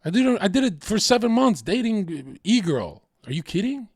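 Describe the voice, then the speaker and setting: A man's voice: high-pitched, sing-song, moderate pace, breathy edge, no room sound, studio quality. A man livestreaming, ranting casually in a heated, profane, rambling way.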